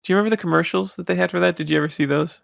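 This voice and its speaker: A man hosting a podcast, telling animated stories and laughing often. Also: high-pitched, very fast, creaky, dry recording, studio quality. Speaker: podcast host. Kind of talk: casual chat.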